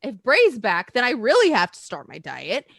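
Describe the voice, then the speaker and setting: A chatty woman talking in a fairly high, very animated voice, rambling loosely from one thing to the next. The sound is close and dry, with no room around it. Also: moderate pace, creaky, dry recording. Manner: chatty, rambling, laughs often. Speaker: podcast co-host. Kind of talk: casual chat.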